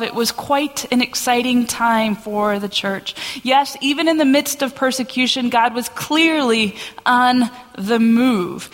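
Woman pastor, sermon, earnest steady reading, fairly high voice, long church reverb. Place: church sanctuary.

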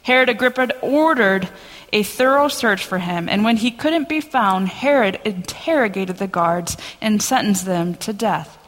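A woman pastor giving a sermon and reading scripture aloud in an earnest, steady voice, in a church sanctuary. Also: medium pitch, a little slow. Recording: long church reverb.

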